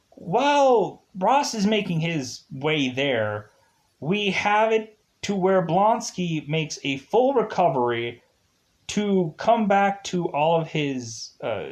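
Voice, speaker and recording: A man casually reviewing a movie, laughing often and acting out quotes as he retells it. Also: on the high side.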